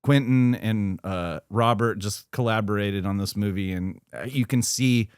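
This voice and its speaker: A man's voice: fairly low pitch, unhurried, smooth, no room sound, studio quality. A man co-hosting a casual movie review chat, enthusiastic and rambling, with lots of fillers and restarts. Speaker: podcast co-host.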